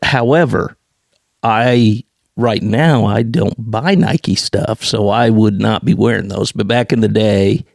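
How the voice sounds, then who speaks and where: An older man hosting a podcast, talking in a slow, wry, chatty way. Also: lowish voice, creaky, a little mellow, dry recording, studio quality. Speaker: podcast host. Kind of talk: casual chat.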